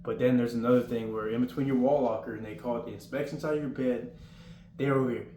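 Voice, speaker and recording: A young man giving casual, rambling advice about basic training and acting out the drill yelling now and then. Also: mid-range voice, fairly even intonation, quick pace. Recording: roomy with faint room noise.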